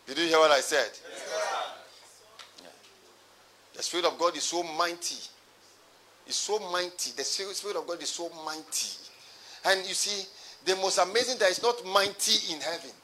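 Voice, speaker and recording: A man's voice: on the high side, pushed and bright. A pastor preaching a sermon to his congregation, repeating his phrases and calling for responses.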